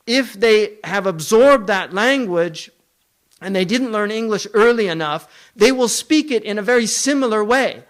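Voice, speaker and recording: A man with a high, slightly bright voice gives a religious lecture as an Islamic scholar. He's emphatic, running through long lists and posing rhetorical questions.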